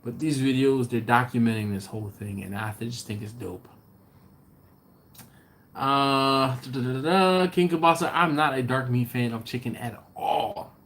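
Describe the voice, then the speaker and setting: A man's voice: medium pitch, moderate pace, a bit bright. A middle-aged man hosting a barbecue channel, chatting casually on a live stream and reading out viewer comments in a laid-back, slangy way.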